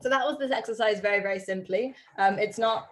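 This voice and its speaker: A woman's voice: medium pitch, brisk, a little hiss or hum. A woman dog trainer teaching a live online class over a video call from her home study, upbeat and chatty with frequent ums.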